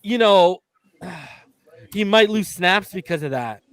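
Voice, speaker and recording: A man hosting a live football stream, chatting casually and excitedly and shouting out viewers by name. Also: high voice, slow pace, dry recording.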